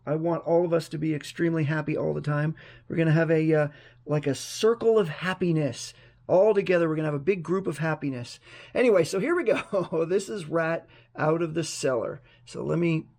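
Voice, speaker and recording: A hoarse man chatting casually to his vlog camera at home, rambling and talking himself through each step. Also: on the high side, darkish tone. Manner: chatty, rambling, self-talk. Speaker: vlogger. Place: room at home. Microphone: action camera on a mini tripod.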